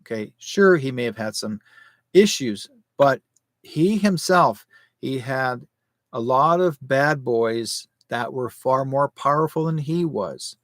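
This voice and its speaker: A man's voice: medium pitch, animated, slow pace, dry recording. A man in his sixties hosting a live commentary show, rambling and conspiratorial, firing off rhetorical questions. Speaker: show host.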